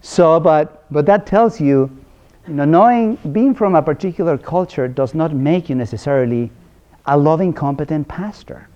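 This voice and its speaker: A man speaks to a room of ministers in an earnest, conversational lecture, often restarting phrases and checking that his points land. His voice is mellow and dark, and the recording sounds dull and lo-fi. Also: a little high, normal speed. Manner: earnest, with frequent restarts and rhetorical questions.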